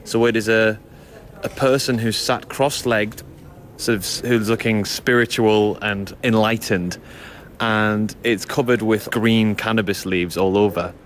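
A man presenting a radio documentary, narrating and describing what he sees in a calm, descriptive way. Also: fairly low pitch, a little slow. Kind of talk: documentary narration and on-site reporting.

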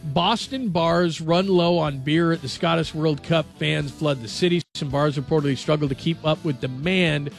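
A man hosting a sports radio show, chatting casually and reading headlines in a jokey, animated way. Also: on the high side, normal speed, gravelly, few pauses, faint music behind.

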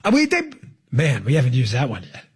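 A man's voice: mid-range voice, wildly swooping pitch, a little fast, husky. A man hosting political talk radio, sarcastic and emphatic, mocking what he hears. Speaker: radio talk show host.

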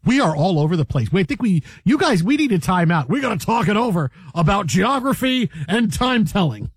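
A man hosting a talk radio show with a playful, joking manner. His voice sits high and swings widely in pitch as he teases his co-hosts. The sound is close and dry, with no room around it. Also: breathy edge, dry recording. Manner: playful, laughing, animated, does quick impressions. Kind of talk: casual sports radio banter.

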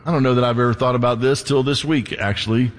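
A man's voice: mid-range voice, fairly even intonation. Man preaching in a reverberant hall. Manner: earnest, conversational preaching with slow emphatic scripture reading. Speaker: pastor. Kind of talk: sermon.

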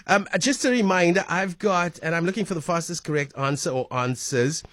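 A man hosting a radio interview, upbeat and energetic. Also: a little high, brisk, no room sound, studio quality. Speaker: radio host.

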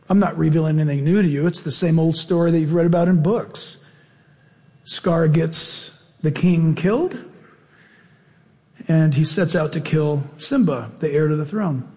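A man's voice: on the high side, a little mellow. A male pastor preaching a sermon and closing in prayer, earnest and exhorting. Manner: earnest, exhorting, drawn-out phrasing. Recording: long reverb, faint music.

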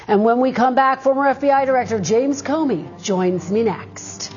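A woman news anchor questioning a guest in a brisk, pointed way. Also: on the high side, darkish tone, faint music behind. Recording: dull lo-fi broadcast audio.

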